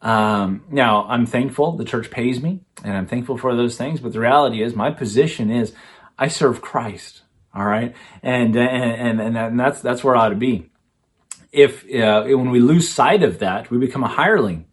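A man's voice: mid-range voice, normal speed. Male pastor, conversational sermon delivery, stop-start phrasing, mid-range voice. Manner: conversational preaching with frequent restarts and fillers.

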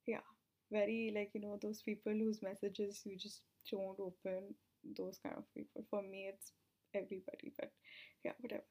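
A woman's voice: medium pitch, completely flat delivery, normal speed, mellow. A young woman rambling to her viewers, out of breath, giggling, swearing freely and sometimes dropping into a whisper. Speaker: vlogger. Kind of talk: rambling casual monologue.

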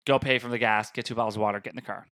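Animated man telling a story. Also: medium pitch, rapid-fire. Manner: animated, laughs through his own story. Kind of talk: casual storytelling chat.

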